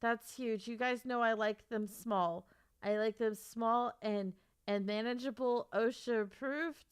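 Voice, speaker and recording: A high-pitched woman livestreaming to her viewers in casual chat, excitable, repeating herself and swearing freely. Her voice is smooth and clear, recorded dry and close with no room sound. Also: unhurried, no room sound. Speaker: livestreamer and author. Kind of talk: casual live stream chat.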